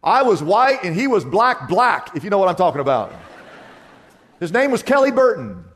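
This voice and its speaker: A male pastor from Kansas preaching with a notably high voice. He tells his story vividly and drops to a hushed tone for the heavy parts. The delivery is sermon-style from start to finish. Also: big pitch swings, moderate pace.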